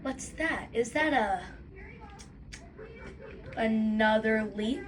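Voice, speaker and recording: A woman with a slightly high voice chats slowly and playfully, drawing out her words. A faint noise sits under the recording. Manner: playful, giggly, drawn-out. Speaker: co-host. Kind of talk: casual chat.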